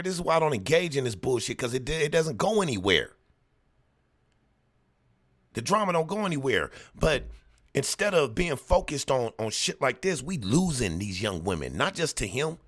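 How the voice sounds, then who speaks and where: A man hosts a reaction video and comments on a clip in a loose, preachy rant. His pitch swings widely as he lectures and mocks. The delivery stays casual. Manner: animated, preachy ranting with mocking put-on voices.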